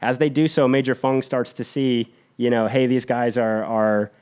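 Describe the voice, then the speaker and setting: A man on a podcast retelling a war story in an energetic, blunt, profane way. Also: medium pitch, moderate pace, smooth.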